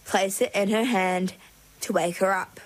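A woman's voice: mid-range voice, fairly even intonation, a little slow, natural voice, poor audio. A woman doing a bossy, mysterious mer-woman from a storybook. She speaks insistently and solemnly in a middling voice.

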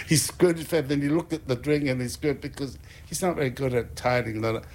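A man's voice: medium pitch, fairly quick. Laughing older New man telling stories. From North Island of New Zealand. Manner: animated, laughs often, acts out quotes. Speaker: guest. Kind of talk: anecdotal storytelling.

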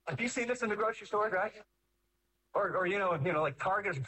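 A man giving a talk on parenting, acting out scenes with voices that swing between high scolding and slow, deep calm. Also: far from the mic, slight background noise, poor audio. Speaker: speaker on parenting. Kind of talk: animated talk with acted-out voices.

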